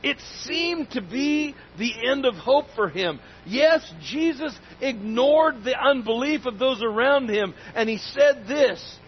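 A man's voice: very high-pitched, muffled recording, slight background noise. A man preaching a sermon in an emphatic, folksy way, repeating key phrases for weight. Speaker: pastor.

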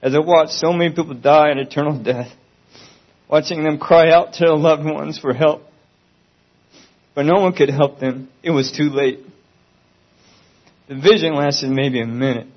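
A man's voice: medium pitch, lo-fi sound. A man giving an earnest, pleading Christian testimony.

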